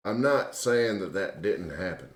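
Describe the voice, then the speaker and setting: A man's voice: low voice, animated, unhurried, roomy sound. A man with a Southern US accent, co-hosting a drunken podcast chat with wry, laughing remarks. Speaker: podcast co-host.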